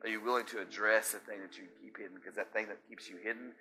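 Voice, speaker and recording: A man preaching a sermon as pastor, swinging from hushed intensity to shouting and quizzing his congregation with call-and-response questions. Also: fairly low pitch, fairly even intonation, rapid-fire, faint music behind.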